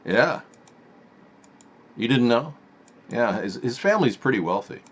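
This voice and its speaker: A man's voice: mid-range voice, big pitch swings, unhurried. A man hosting a live-stream political talk show in a rambling, sarcastic manner. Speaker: host.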